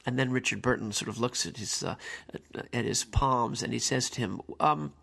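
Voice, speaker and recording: A man's voice: medium pitch, fairly even intonation, a little fast, gravelly, a bit bright, slightly rough. A man giving casual commentary on an old film, conversational and digressive with emphatic asides.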